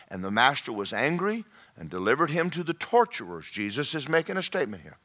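A man preaches to his congregation, his voice swinging between loud, pressing lines and hushed asides. His pitch moves a lot, and his tone is bright and forceful. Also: big pitch swings, a little fast. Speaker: pastor. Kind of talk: sermon.

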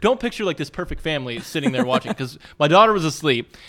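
A man co-hosting a podcast in his thirties, talking quickly and loosely with plenty of fillers. His voice sits a touch high and tumbles from one aside to the next. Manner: rambling, filler-heavy, animated storytelling. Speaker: podcast co-host. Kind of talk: casual chat.

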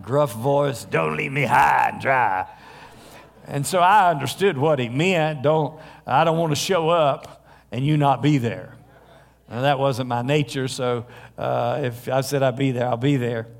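Man preaching in a reverberant hall. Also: mid-range voice. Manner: conversational storytelling with frequent "uh" pauses. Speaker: pastor. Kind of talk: sermon. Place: church sanctuary.

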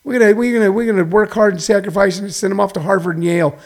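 Rambling, preachy man with a gravelly voice. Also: sits high, fairly even intonation, rapid-fire. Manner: preachy, digressive, shifts between loud emphasis and muttering. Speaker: show host. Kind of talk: rambling comedic monologue.

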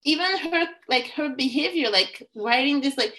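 A woman's voice: high voice, animated, moderate pace, pushed and bright, low-quality recording. A woman in casual podcast chat about a film, speaking hesitantly with many fillers as she thinks aloud.

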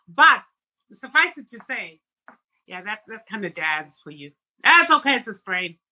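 A woman tells a family story in casual podcast chat, her voice husky and bright. Her pitch swings widely and sits a little high, and laughter keeps slipping in. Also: sing-song, unhurried, rough recording. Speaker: podcast co-host.

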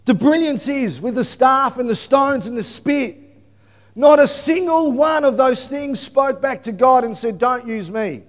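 Male preacher, lively storyteller who breaks into shouts; unusually high voice, long echo of a church hall. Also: unhurried. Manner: animated storytelling, bursts into shouting. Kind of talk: sermon.

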